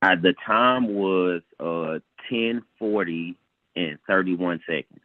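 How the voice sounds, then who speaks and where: A man on a trading group call giving brief, relaxed replies. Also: low-pitched, takes it slowly, no echo, phone-quality sound.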